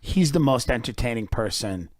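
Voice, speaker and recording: A man telling comedic stories on a podcast, animated and emphatic, with plenty of profanity. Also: mid-range voice, normal speed, no echo, clean studio sound.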